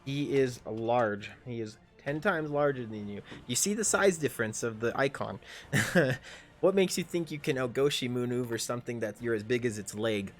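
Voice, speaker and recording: A man in his thirties running a tabletop game on a livestream, excitable and swearing constantly as he narrates and shouts battle cries. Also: mid-range voice, moderate pace. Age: 30s. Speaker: game master and player.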